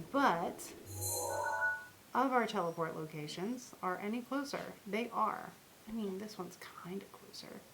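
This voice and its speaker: A woman's voice: medium pitch, slight background noise. A woman chatting casually while playing a video game, rambling to her viewers and the characters on screen, recorded on a desk microphone at home. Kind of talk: casual gameplay chat. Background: household sounds, dog noises.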